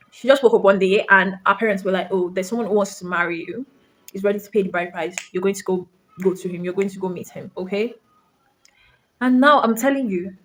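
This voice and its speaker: A woman's voice: medium pitch, fairly bright tone. A woman from Nigeria ranting to camera, emphatic and full of rhetorical questions, with some swearing. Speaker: vlogger. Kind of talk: impassioned rant to camera.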